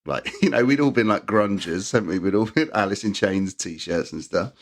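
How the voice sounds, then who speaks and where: A middle-aged man from England, a punk musician chatting as a podcast guest, who acts out the people in his stories and laughs often. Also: moderate pace. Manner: animated storyteller, acts out quotes in high voices, laughs often. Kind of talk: casual chat.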